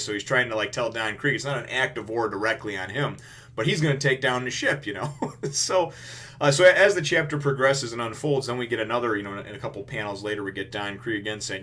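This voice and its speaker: A man's voice: mid-range voice, quick pace, pushed and bright. A man reviewing a comic chapter in casual, rambling commentary, full of restarts and "you know".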